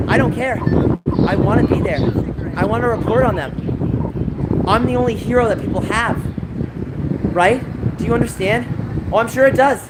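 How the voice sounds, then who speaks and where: A man's voice: high-pitched, animated, measured pace, long pauses, heavy background noise. A man livestreaming, chatting casually with his viewers and venting in a rambling, aggrieved way. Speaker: gaming livestreamer. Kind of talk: casual livestream chat reading live chat. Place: San Francisco.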